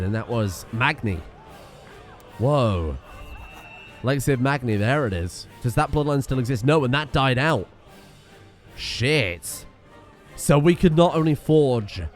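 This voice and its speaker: A man casually commenting on his strategy game as he plays, chatty, swearing freely and often getting sidetracked. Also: medium pitch. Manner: chatty, profane, easily sidetracked. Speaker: gaming streamer.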